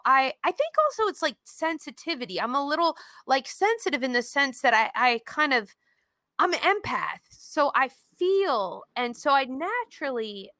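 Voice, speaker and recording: New york lady cohost, chatty and rambling, high bright voice, dry sound. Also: no room sound. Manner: chatty, rambling, self-aware. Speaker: podcast co-host. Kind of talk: casual chat.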